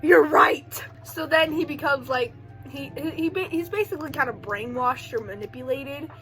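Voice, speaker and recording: A woman's voice: high voice, moderate pace, fairly bright tone, faint music behind, low-quality recording. A young woman casually recapping a film in a rambling way, full of "like" and joking asides. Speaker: video creator recapping a film.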